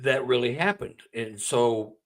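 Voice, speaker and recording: A man on as a guest, telling a personal story in a conversational, emotional way. He gets excited and stumbles over repeated words when the memory moves him. His voice sits close to tears. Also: mid-range voice, measured pace. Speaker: author and guest.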